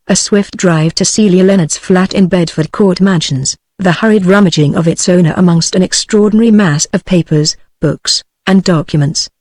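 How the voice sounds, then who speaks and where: A text-to-speech voice of a woman with a British English accent, reading a novel aloud in an even, steady way. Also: on the low side, dry recording, clean studio sound. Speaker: audiobook narrator. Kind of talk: synthetic audiobook reading.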